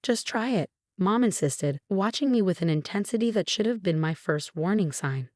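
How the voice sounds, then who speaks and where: A woman telling a first-person story in measured, scripted narration. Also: on the low side, expressive, darkish tone, no room sound, clean studio sound.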